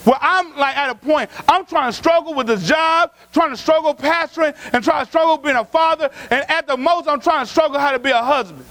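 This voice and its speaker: A pastor preaching a sermon, telling stories from his own life in a folksy, colloquial way, acting out what people said and rising to shouts. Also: very high-pitched, a little fast, few pauses. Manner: storytelling preacher, acts out quotes, rises to shouts.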